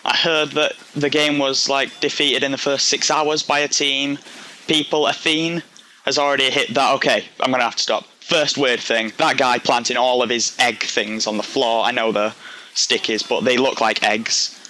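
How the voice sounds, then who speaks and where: A man's voice: mid-range voice, fairly even intonation, moderate pace, pushed and bright, slight background noise. A young man with a Yorkshire accent giving rambling, self-deprecating commentary over gameplay, drifting off onto tangents. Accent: Yorkshire English. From Yorkshire, England. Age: young adult. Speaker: gaming commentator. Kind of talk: casual game commentary.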